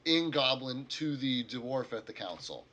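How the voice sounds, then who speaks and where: A man's voice: mid-range voice, sing-song, unhurried, pushed and bright, highs cut off, slight background noise. A man narrating as game master of a tabletop game, rambling with lots of fillers.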